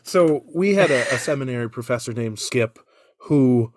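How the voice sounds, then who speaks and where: A man co-hosting a podcast, chatting playfully and jokingly, his voice still a little hoarse from illness. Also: medium pitch, moderate pace. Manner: playful, jokey, animated storytelling. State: recovering hoarse voice. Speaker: podcast co-host. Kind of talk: casual chat.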